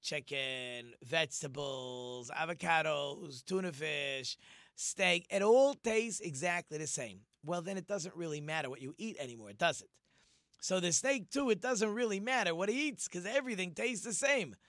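A man teaching an informal Torah lesson, animated and acting out the quoted speech of the figures he discusses. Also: a little high, moderate pace, no echo, studio quality. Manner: animated, acts out quoted speech in different voices.

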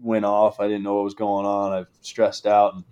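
A young man telling a hunting story in casual talk, animated and laughing as he goes. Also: on the low side, normal speed, muffled recording. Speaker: guest, game call maker.

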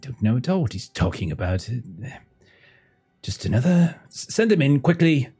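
A man's voice: medium pitch, very animated, moderate pace, dark tone, slightly rough, voice pushed up. A man voicing a stern, icy alien woman overseer who talks in a curt, clipped, impatient way, with faint music behind.

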